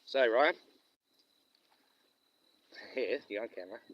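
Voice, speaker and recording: A man's voice: medium pitch, lively intonation, slow pace, highs cut off, a little hiss or hum. Chuckling Western Australian man rambling. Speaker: live streamer. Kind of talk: casual live-stream chat. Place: outdoors by the water while fishing.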